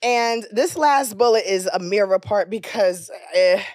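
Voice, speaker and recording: A woman in her thirties co-hosting a podcast, telling candid stories in casual chat with frequent cursing and loud, high outbursts when she jokes. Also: a little slow, no room sound, clean studio sound. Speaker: podcast co-host.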